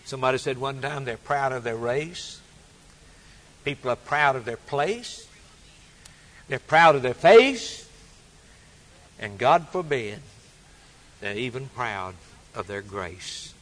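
A male preacher delivering a sermon emphatically, repeating phrases and swinging between loud and soft. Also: fairly high pitch.

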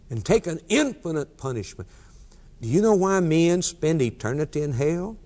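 A man's voice: a little high, a little mellow. A man preaching a sermon with emphatic, repeated refrains. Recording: long hall reverb.

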